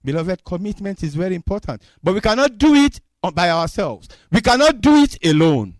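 A man preaching a sermon, acting out dialogue with God in an expressive way. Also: high voice, no room sound.

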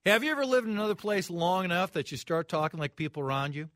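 A man's voice: high-pitched, expressive, fast, fairly bright tone, no room sound, clean studio sound. A man hosting a sports talk radio show, ranting in a mocking, incredulous way.

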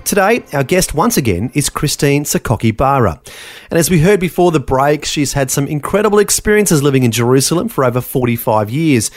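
A man hosting a radio interview show, calm and attentive. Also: a little high, a little fast. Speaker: host. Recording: music bed behind.

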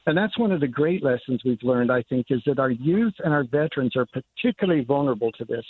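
A man's voice: mid-range voice, animated, fast, husky, no room sound. An older man, a congressman, speaking earnestly as a guest in a radio interview by phone. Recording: tinny phone line.

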